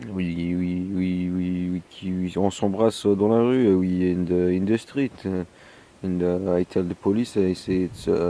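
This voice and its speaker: A hungover, tired man with a French accent talking casually outdoors on a deck, halting and full of fillers and slipping between English and French. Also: deep voice, mellow, a little hiss or hum. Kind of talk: rambling casual vlog.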